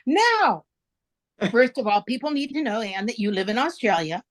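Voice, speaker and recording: A woman's voice: on the high side, big pitch swings, normal speed. A woman hosting her own podcast, chatty and laughing often as she tells a story, with frequent restarts. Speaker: podcast host. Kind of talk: casual podcast introduction.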